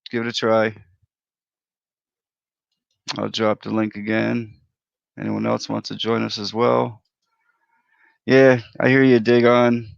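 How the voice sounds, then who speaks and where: A man's voice: on the low side, little pitch movement, takes it slowly, gravelly, pauses often, no room sound. A man hosting a casual livestream chat, laid-back and talkative, greeting viewers by name. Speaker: livestream host. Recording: dry, dull lo-fi audio.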